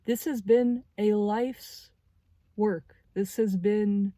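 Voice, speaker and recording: Woman in her twenties, spiritual reader; warm low-key tone, pauses to find words, heartfelt. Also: steady tone, dry recording. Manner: halting, searching for words. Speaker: tarot reader. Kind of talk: spiritual tarot reading.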